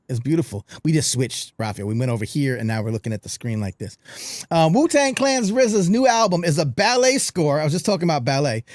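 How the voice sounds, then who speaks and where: A man's voice: a little high, a little mellow, no echo, studio quality. A man hosting a live online show, chatting loosely with plenty of fillers. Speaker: podcast host. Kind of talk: casual livestream chat.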